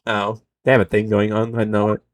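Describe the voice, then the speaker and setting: A man's voice: lowish voice, monotone, fairly quick. A young man, a streamer, playfully joking and laughing through a game playthrough.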